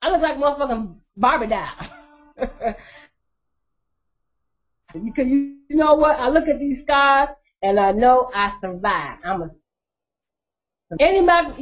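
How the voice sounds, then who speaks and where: High-voiced woman, blunt and profane. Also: expressive, unhurried, pauses often. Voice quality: profane, blunt, laughs often. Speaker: vlogger. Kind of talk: casual storytelling to camera. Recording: dull lo-fi recording.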